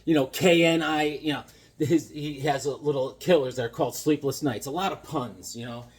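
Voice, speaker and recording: A man's voice: a little high, steady tone, normal speed. A man hosting a comic book video, chatting casually to camera with lots of fillers, asides and jokes. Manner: rambling, joking, lots of fillers and puns. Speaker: comic book channel host.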